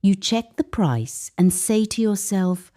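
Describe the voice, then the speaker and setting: A woman narrates an English lesson at an unhurried pace, speaking slowly and clearly. Her tone is mellow, and her pitch moves up and down a lot, rising whenever she reads out an example phrase. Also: animated. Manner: slow and clear, sample phrases read with a higher lilt. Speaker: English teacher.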